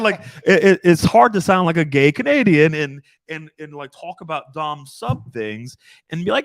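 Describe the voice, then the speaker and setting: A man's voice: on the high side, normal speed, dry recording. A man hosting a casual podcast as a dating coach, swearing freely with lots of fillers. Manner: profane, animated, frequent fillers.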